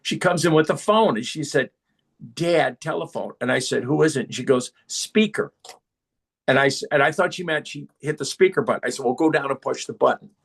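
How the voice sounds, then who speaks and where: This middle-aged podcast guest spins casual, animated stories, slipping into the voices of whoever he's quoting. He talks fast in a mid-range voice that's creaky and a touch rough.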